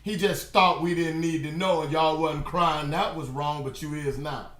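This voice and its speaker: A man giving casual, mocking commentary on a news clip, animated and laughing often, mimicking words he hears. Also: on the high side, normal speed, roomy sound. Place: home in Florida.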